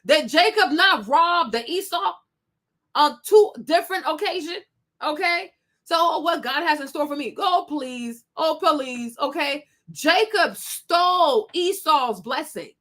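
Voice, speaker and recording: A woman's voice: sits high, animated, unhurried, fairly bright tone. A woman hosting a commentary show, reacting to a clip with sassy, emphatic talk. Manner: sassy, emphatic, preachy asides.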